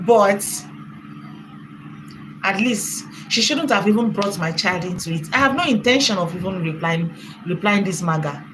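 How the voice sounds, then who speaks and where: Heated woman, high voice. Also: pushed and bright, a little hiss or hum, rough recording. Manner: mocking, heated, switches to sarcastic mock crying. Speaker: channel host. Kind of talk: reaction commentary.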